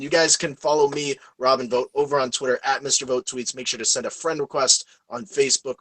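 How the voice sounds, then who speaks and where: An American man co-hosting a casual podcast, talking in an excitable, rambling way and plugging the show. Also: mid-range voice, no echo, low-quality recording. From United States. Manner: excitable, rambling, promo-heavy. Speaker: podcast co-host.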